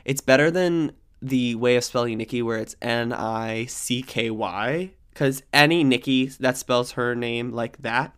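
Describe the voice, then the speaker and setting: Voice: mid-range voice, measured pace, hardly any pauses, smooth. A podcast co-host in casual banter, joking and giggling, often trailing off mid-sentence. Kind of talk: casual chat.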